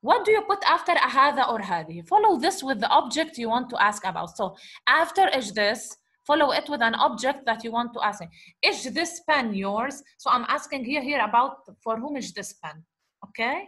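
A woman teaching a grammar lesson, explaining slowly, repeating examples and asking the class rhetorical questions. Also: on the high side, animated, a bit bright. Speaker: Arabic teacher.

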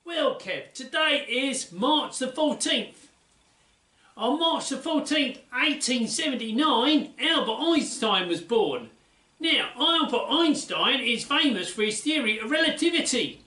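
A man's voice: extremely high pitch, lively intonation, measured pace, sharp tone, voice pushed up, exaggerated voice. A man voicing a cheerful, know-it-all Australian man with a put-on Australian accent, earnestly explaining facts. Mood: lecturing. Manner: chirpy, earnest lecturing tone. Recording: roomy, mic at a distance.

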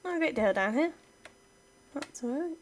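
A woman's voice: sits high, animated, normal speed. A young woman chatting casually through her strategy game, talking to her units as she plays. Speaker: let's play gamer. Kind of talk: casual gameplay commentary.

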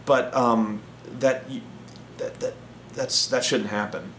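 A fretful, by-the-book game event coordinator speaks in a hushed, halting voice, slightly lower than the teller's own, as a man puts him on. Each word comes out anxious and careful. The sound rings in a roomy, echoing space with faint ambience behind. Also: steady tone, a little hiss or hum. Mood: hushed dismay.

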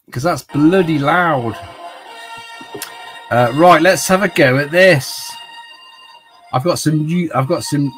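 A man with a middling voice talks slowly and loosely, a little tipsy, rambling between topics as he hosts a relaxed home livestream. Faint game music plays quietly behind him. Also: on the high side. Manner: rambling, chatty, greets viewers by name. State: slightly tipsy from wine. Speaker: livestream host. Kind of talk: casual livestream chat.

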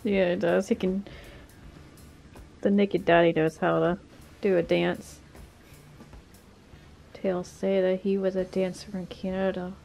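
A woman's voice: lowish voice, level tone, measured pace, vocal fry, long pauses, darkish tone. A woman vlogging casually about her cat, playful and teasing, with giggles. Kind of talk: casual chat. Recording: music playing behind.

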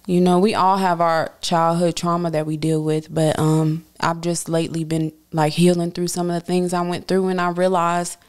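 A woman's voice: fairly low pitch, monotone, normal speed, few pauses. A woman guest on a podcast, a rapper from Jamaica, talking earnestly and from the heart. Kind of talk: casual chat.

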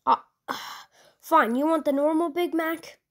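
A woman voicing a squeaky, nervous young fast-food cashier who stammers and gets flustered. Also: fairly even intonation.

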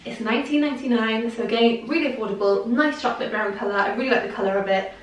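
A woman's voice: a little high, quick pace, far from the mic. A young woman chatting casually through a clothing haul, gushing and full of "like", a little out of breath. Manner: gushing, chatty, lots of "like" and "I love". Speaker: fashion vlogger. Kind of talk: casual try-on haul chat. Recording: echoey room, voice from off-mic.

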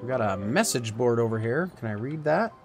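A man's voice: medium pitch, lively intonation, fairly quick, music in the background. Playful man narrating a game. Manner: chatty, reads game text aloud, playful. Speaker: gaming video host. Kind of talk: let's play commentary.

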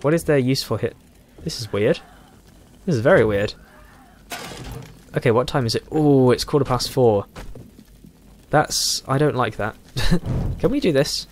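A man giving casual let's play commentary, thinking aloud and chuckling, with a hoarse voice and a frog in his throat. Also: mid-range voice, a little hiss or hum. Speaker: game streamer.

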